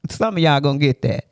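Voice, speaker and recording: A woman's voice: deep voice, darkish tone, no room sound, studio quality. Emphatic woman preaching faith and discipline. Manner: emphatic, repetitive, preacher-like with rhetorical questions; laughs often between points. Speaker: motivational faith speaker. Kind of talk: motivational faith talk.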